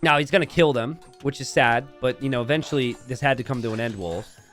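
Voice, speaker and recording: A man casting a strategy game match, excitable and breaking into shouts and laughter. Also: mid-range voice, fairly quick, faint music behind. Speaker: game caster.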